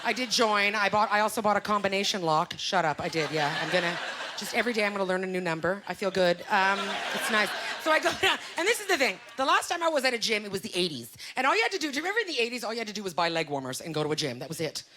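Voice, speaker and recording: A middle-aged woman doing a stand-up comedy set on a club stage, with an animated, self-mocking delivery full of rhetorical questions. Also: medium pitch, racing. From Canada. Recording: live club recording, loud crowd laughter and noise.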